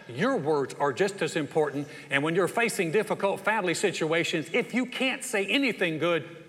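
A Southern pastor preaching in a folksy, animated style, his voice sitting fairly high for a man. His Southern accent comes through as he keeps asking the room questions. His voice trails off into the long reverb of a large hall. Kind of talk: sermon.

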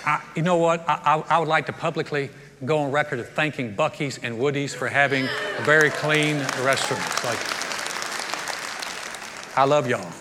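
Folksy preacher in a reverberant hall. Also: male voice, mid-range voice, bright, forceful tone, slight background noise. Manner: folksy storytelling with acted-out voices. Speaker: pastor. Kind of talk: sermon.

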